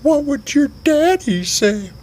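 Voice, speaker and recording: A man voicing a shrill, hot-tempered male drinking buddy who shrieks crude insults. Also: very animated, takes it slowly, darkish tone, full character voice. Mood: needling.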